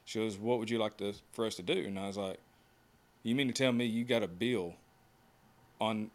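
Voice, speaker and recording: A man's voice: lowish voice, moderate pace. Folksy man telling stories. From United States. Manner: folksy, acts out quotes. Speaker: guest. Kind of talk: casual storytelling.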